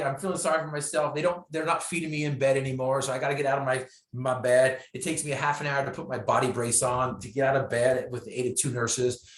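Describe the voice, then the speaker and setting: A man's voice: medium pitch, fairly even intonation, fast, hardly any pauses. A man telling his story as a motivational speaker, emphatic and repeating key phrases for effect. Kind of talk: inspirational storytelling. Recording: echoey room.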